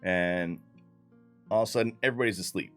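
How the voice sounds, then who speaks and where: Guy with a really low voice going over last session, cusses a lot, faint guitar behind. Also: quick pace, fairly bright tone. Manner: loose and profane, with frequent fillers. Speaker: player recapping the campaign. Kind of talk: casual recap of a tabletop game.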